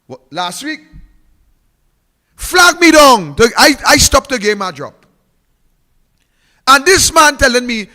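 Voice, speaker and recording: Trinidadian guy ranting at a crowd, really high bright voice, echoey hall. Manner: fiery and mocking, repeating phrases for emphasis. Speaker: politician. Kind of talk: political speech.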